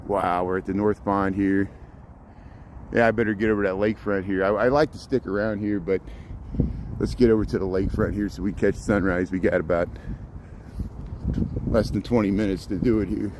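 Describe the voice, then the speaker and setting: A man's voice: fairly low pitch, fairly even intonation, moderate pace, noisy background. A man hosting a walking livestream outdoors in a city park at dawn, rambling with repeated words and restarts, a little out of breath, talking into a handheld phone. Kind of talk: casual live walking commentary.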